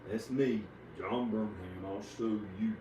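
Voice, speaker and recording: A man's voice: lowish voice, steady tone, unhurried, warm tone, lo-fi sound. A man talking to the camera in a rambling personal monologue, restarting and trailing off. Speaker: vlogger. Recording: echoey room, mic at a distance, faint noise.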